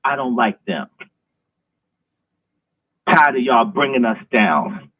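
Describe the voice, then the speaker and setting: A man's voice: medium pitch, animated, slow pace, bright, forceful tone. A man hosting a live stream, delivering an emphatic, preachy, provocative monologue. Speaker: host. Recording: tinny phone-like line.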